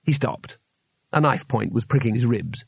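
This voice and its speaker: A man reading an audiobook aloud in a measured storytelling manner with wry timing. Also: mid-range voice, expressive, gravelly, husky, dry recording. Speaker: audiobook narrator. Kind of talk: scripted narration.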